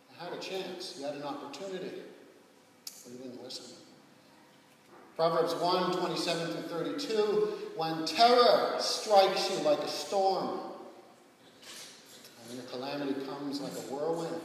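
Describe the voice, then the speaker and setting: Male preacher, high voice, storytelling sermon with shouted bursts; echoey hall recording. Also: recorded from a distance, slight background noise. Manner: animated storytelling with sudden shouted quotes; frequent rhetorical "right?" checks. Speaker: pastor.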